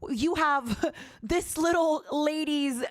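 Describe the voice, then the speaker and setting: A woman around forty from Ukraine, raised in Canada, chatting casually on a live stream as an animated storyteller who laughs often and jumps high and loud when amused. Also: takes it slowly.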